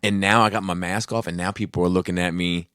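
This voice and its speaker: A man with a bright, forceful voice and a slightly low pitch, talking in a loose, rambling way full of "like" and swearing. The recording is dry and close. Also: steady tone, quick pace, smooth, no echo. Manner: rambling, heavy filler words, swears often. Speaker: podcast co-host. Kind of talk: casual chat.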